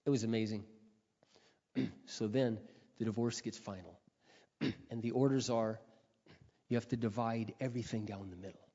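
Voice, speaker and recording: A middle-aged man preaching a sermon, telling earnest personal stories and often clearing his throat. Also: fairly low pitch, steady tone, moderate pace, pauses often, warm tone. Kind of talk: sermon storytelling. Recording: dull lo-fi audio with long hall reverb.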